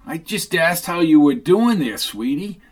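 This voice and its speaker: A man's voice: on the high side, sing-song, a little slow, husky, pitched above the performer's own voice, full character voice. A man voicing a brash, flirtatious middle-aged junkyard owner who talks in a pushy, leering drawl.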